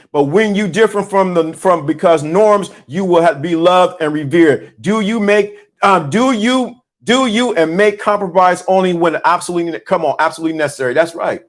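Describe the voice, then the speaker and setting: A man, hosting a motivational talk and speaking to his chat like a preacher, repeating lines for emphasis. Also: high voice. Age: 50s. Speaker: host.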